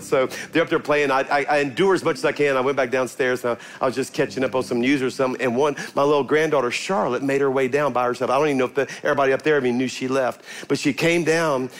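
A man's voice: medium pitch, fast talker. An older man preaching a sermon as a pastor, telling family stories and leading a prayer. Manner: animated storytelling, rising to forceful preaching then quiet prayer. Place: church sanctuary.

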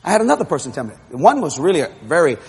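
A man, a television evangelist, telling stories in a sermon, often shouting and laughing as he goes. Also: on the high side, very fast, slightly rough. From Louisiana, USA. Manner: animated and shouting, laughing through his stories. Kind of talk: storytelling sermon.

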